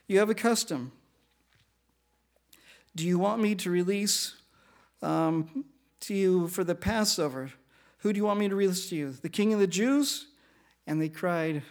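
Male preacher with a high voice, reads scripture then unpacks it, poses questions to the listeners, acts out the speakers. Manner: acts out the speakers in quotes with shifting pace and loudness. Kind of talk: sermon, verse-by-verse Bible teaching.

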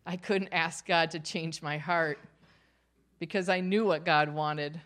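A woman's voice: on the low side, takes it slowly, pauses often, a bit bright. A middle-aged woman sharing her faith testimony, earnest and personal. She tells it like a story and often laughs lightly between thoughts.

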